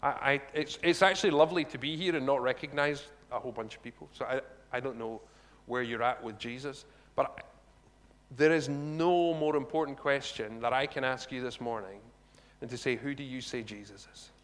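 A man preaching a sermon in a chatty, animated way, often turning to the congregation with quick asides. His voice sits at an ordinary middle pitch, and a long hall reverb trails behind every phrase. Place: church hall.

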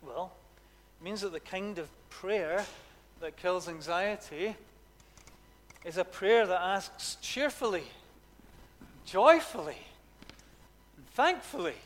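A man preaching a sermon, animated and emphatic, repeating words for effect. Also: sits high, slow pace, long pauses, big-room sound. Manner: animated, emphatic, with dramatic repetition.

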